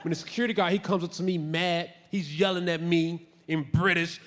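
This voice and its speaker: A man's voice: fairly high pitch, steady tone, fairly quick, a bit bright. A man doing stand-up comedy on a theater stage, telling self-mocking, rambling stories full of tangents. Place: theater stage before a live audience. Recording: live theater recording with hall reverb.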